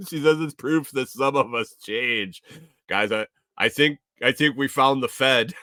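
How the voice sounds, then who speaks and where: A man's voice: mid-range voice, measured pace, pushed and bright, no echo, clean studio sound. A man from Minnesota hosting a casual livestream, rambling through viewer comments and laughing often. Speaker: livestream host.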